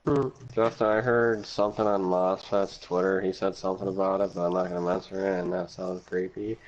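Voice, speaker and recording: A man's voice: sits low, little pitch movement, a little fast. A man hosting a casual gaming livestream, laid-back and laughing often, reading chat aloud. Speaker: streamer host. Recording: dull lo-fi stream audio with faint noise.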